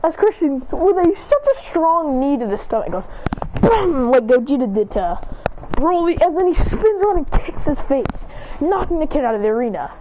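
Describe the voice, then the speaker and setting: A woman's voice: high voice, very animated, brisk, highs cut off, noisy background. A woman retelling a fan story in a breathless, run-on way with sound effects.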